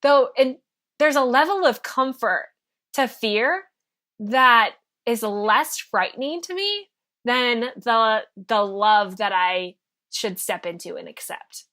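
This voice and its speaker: A woman's voice: on the high side, animated, slow, bright, forceful tone. A woman hosting a podcast interview, talking in a chatty, reflective way with many fillers. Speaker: podcast host.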